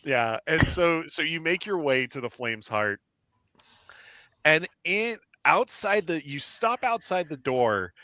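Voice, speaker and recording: A man's voice: a little high, lively intonation, slow, bright, forceful tone. A man narrating a tabletop game as game master, rambling with many fillers and frequent laughs.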